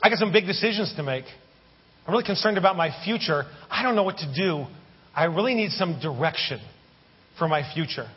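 An unsure young stranger talks hesitantly and earnestly, as a preacher acts him out in a sermon story. The voice is husky and high, and it sounds a little dull under a long hall reverb. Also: male voice, lively intonation, brisk. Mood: worried. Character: unsure young man, stranger seeking direction.

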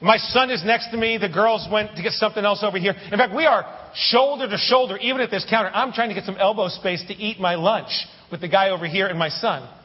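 A pastor with a high, husky voice tells a lively story from the pulpit, tossing jokes to the congregation. He sounds a little muffled, and a long reverb trails his words through the hall. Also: fast, few pauses. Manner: animated, anecdotal with humorous asides to the congregation. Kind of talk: sermon storytelling.

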